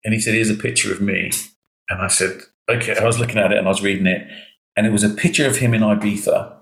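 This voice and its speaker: A man, an education consultant telling stories in a podcast interview, animated and acting out the dialogue. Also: on the low side, fast talker, creaky, roomy sound, poor audio. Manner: animated, emotional storytelling, acts out quoted dialogue.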